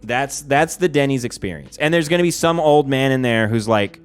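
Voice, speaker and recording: A man's voice: mid-range voice, moderate pace, clean tone, soft background music. A man streaming casually, rambling and swearing, with a lot of "like" and restarts. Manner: rambling and profane, heavy use of "like". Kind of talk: casual livestream chat.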